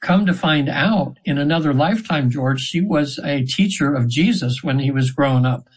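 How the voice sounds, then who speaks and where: A husky, fairly high male voice moves at a moderate pace over a low-quality recording. It's a hypnotherapist in his 70s, a guest in a casual storytelling interview, who earnestly meanders through accounts of his sessions and keeps restarting.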